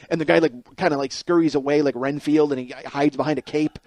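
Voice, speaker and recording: A comedian hosts his own podcast alone, riffing through an exasperated and sarcastic monologue laced with profanity. His voice sits high for a man. The recording is close and dry, with no room sound. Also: level tone, fast talker, hardly any pauses, a little mellow, dry recording.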